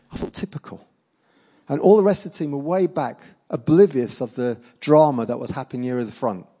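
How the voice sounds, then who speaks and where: A man preaching and telling a personal testimony as a story, acting out the dialogue with lively energy and laughing along. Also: fairly high pitch, vocal fry, poor audio.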